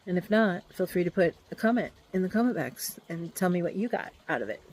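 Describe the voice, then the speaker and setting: Tarot reader, female, somewhat low pitch; halting, reflective delivery full of fillers. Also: animated, darkish tone, husky, rough recording. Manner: hesitant and musing, many fillers. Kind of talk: casual tarot card reading.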